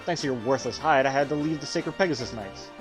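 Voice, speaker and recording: A man's voice: mid-range voice, fast, over music, close to an everyday voice. A man reading the lines of an angry young woman knight who scolds and name-calls her runaway brother. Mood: scolding. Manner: sharp scolding, name-calling.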